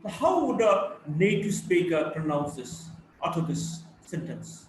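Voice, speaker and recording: A man teaching a live online class, who speaks deliberately and demonstrates stress patterns by repeating example sentences aloud. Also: fairly high pitch, big pitch swings, distant mic. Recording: very echoey room with faint noise.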